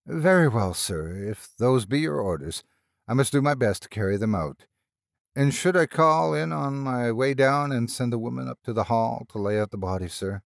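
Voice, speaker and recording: A man's voice: mid-range voice, lively intonation, normal speed, gravelly, dry recording, clean studio sound. A male narrator voicing a deferential, easily shocked village church clerk who stammers. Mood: dismayed.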